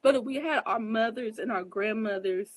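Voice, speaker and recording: A woman astrologer gives advice in a casual monologue to her viewers, speaking directly to them in an earnest, emphatic, preachy way and often asking whether they understand. She's openly emotional. Her voice is fairly high, her pace moderate, and the recording is low quality.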